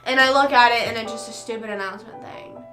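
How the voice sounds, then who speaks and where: A young woman streamer chatting casually, rambling through a story with quick asides. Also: on the high side, fairly bright tone. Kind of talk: casual chat. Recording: echoey room with faint music.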